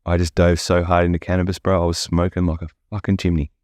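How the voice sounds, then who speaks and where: Guy, very low voice, dry close sound, candid and foul-mouthed podcast guest. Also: flat delivery, fast talker, a little mellow, dry recording. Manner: blunt, profane, candid storytelling. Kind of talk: casual podcast interview.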